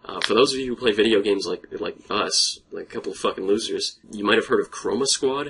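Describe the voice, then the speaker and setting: A man's voice: on the low side, fast talker, vocal fry, a bit bright, slightly rough. A young man co-hosting a podcast in casual chat, laughing often and swearing freely. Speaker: podcast co-host.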